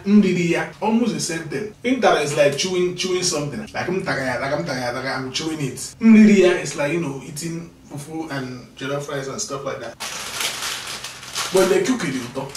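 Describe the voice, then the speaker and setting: A tired man teaching vocabulary in a casual video lesson, repeating each word slowly for pronunciation and chatting between drills. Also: fairly high pitch, recorded from a distance, slight background noise. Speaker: language teacher. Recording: echoey room, mic set back.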